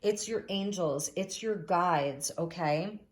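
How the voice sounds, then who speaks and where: A woman giving a spiritual tarot reading to camera, speaking gently and reassuringly with frequent "um" fillers, recorded on a phone. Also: on the low side, slow pace. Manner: gentle, affirming, many "um" fillers. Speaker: tarot reader.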